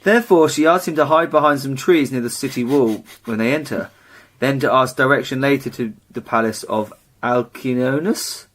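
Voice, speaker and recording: Man, podcast co-host, dry teasing asides, reads a summary, mid-pitched voice. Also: normal speed, a bit bright. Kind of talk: casual chat, reading a summary aloud.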